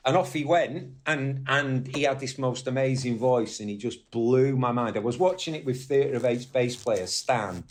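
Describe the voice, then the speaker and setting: A man from northwest England telling rambling, animated stories as a guest on an interview podcast, swearing now and then. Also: mid-range voice, moderate pace, hardly any pauses. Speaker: guest musician. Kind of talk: casual storytelling interview.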